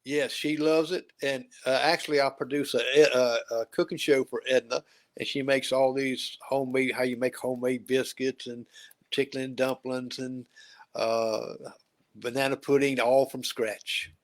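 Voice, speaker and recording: A man's voice: medium pitch, level tone, moderate pace. A man hosting a talk show in a folksy, meandering way, often laughing. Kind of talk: casual interview chat.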